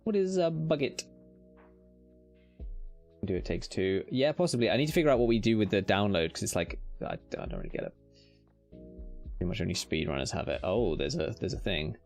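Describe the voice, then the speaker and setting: Excitable British man streaming a game. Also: low-pitched, fast, vocal fry, faint music behind. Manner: excitable, swings between loud cheering and muttered whispers; swears casually and talks to himself. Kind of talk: live gameplay commentary.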